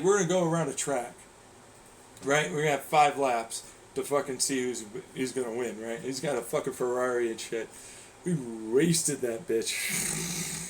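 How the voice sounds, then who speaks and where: A man's voice: on the high side, slight background noise. A young man animatedly telling racing stories in casual chat, swearing and laughing often. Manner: animated, swearing, laughing often, quoting people in mock voices. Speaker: racer.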